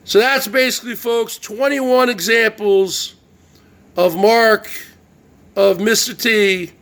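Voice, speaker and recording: Boastful gravelly man ranting slowly. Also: high-pitched, fairly bright tone. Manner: boastful, repeats "okay?" and "I came up with that". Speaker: show host. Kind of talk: ranting livestream monologue.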